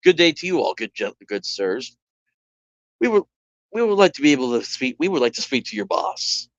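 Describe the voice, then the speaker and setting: A man's voice: medium pitch, sing-song, moderate pace, no echo, dull audio, natural voice. A man voicing a polite Italian mobster who speaks formally and courteously.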